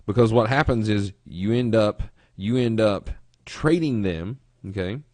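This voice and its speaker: Low-voiced man telling stories in a trading lesson. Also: a little mellow, no room sound. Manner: rambling storyteller, restarts phrases, quick asides. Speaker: trading instructor. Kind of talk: webinar lesson with folksy storytelling.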